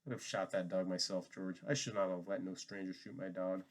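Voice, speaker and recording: A man's voice: deep voice, flat delivery, a little fast, a little hiss or hum, pitched below the performer's own voice, lightly acted. A man doing an old, weary ranch swamper. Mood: regretful.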